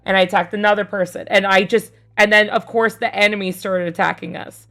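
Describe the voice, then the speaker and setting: Gravelly-voiced woman streamer telling a story. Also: medium pitch, a little fast. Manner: rambling, loose, with lots of fillers and casual swearing; gets louder and more animated as the story builds. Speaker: streamer recounting a tabletop game. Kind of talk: casual storytelling on a livestream.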